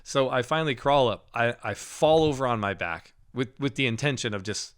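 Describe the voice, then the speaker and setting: Animated man telling a faith story. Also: medium pitch, fairly quick, smooth. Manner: animated storytelling with laughs and restarts. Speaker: podcast co-host. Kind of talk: casual faith testimony.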